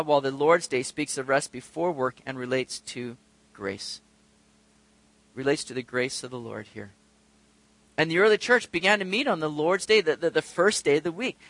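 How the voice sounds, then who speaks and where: A man delivers a sermon in a high, bright voice. He talks to his listeners in a chatty, conversational way and lifts into emphatic, climbing peaks to make his point. The sound is dry and close, with no room echo. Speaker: pastor.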